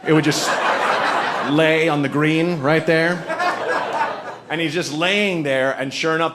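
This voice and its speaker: A man doing stand-up and telling a story, acting out his own reactions with lively energy. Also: fairly high pitch. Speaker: stand-up comedian. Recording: echoey club with background noise.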